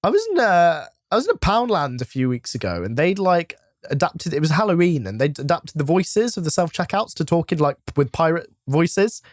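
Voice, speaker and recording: A man chatting casually as a gaming co-host, animated and quick to laugh. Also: a little high, no room sound, studio quality. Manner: animated, laughs often, slips into silly voices. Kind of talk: casual chat while gaming.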